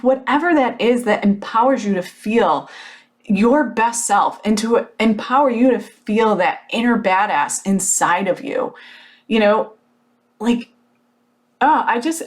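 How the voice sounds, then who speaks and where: A woman in her thirties talks straight to her listeners in a loose, chatty podcast monologue. She tells her story with lively, animated energy, tosses in fillers and the odd blunt swear word, and keeps her voice at an everyday middle pitch. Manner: frank, with occasional swearing. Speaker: podcast host. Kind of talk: casual motivational monologue.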